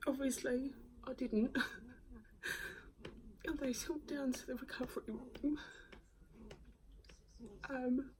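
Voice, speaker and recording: A woman, recounting a hard personal story to camera in a soft, halting voice that often drops to a whisper. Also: high voice, steady tone, a little hiss or hum, rough recording. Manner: soft-spoken, halting, with many ums and frequent whispery stretches. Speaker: vlogger.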